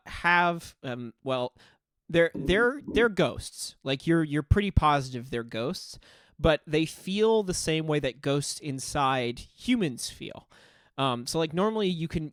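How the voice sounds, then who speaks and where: A man narrating as game master for a tabletop role-playing game, relaxed and full of "uh" and "um" as he describes the scene. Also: fairly high pitch, no room sound.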